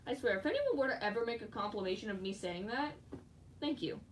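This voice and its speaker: A woman chatting casually while she crafts, giggling often and breaking into excited squeals. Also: a little high, quick pace. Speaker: fursuit maker streaming live. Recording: distant mic with faint background noise.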